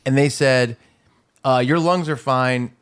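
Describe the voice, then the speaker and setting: A man's voice: mid-range voice, slow, smooth. Laughing man telling a rambling story. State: recovering from illness, slightly hoarse. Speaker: podcast co-host. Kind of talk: casual comedy podcast banter.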